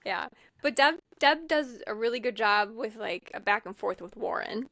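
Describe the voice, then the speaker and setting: A woman's voice: a little high, lively intonation, moderate pace, creaky, a bit bright, dry recording, clean studio sound. Woman retelling a film with fillers. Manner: rambling retelling with many fillers. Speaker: podcast co-host. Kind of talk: casual chat, retelling a film.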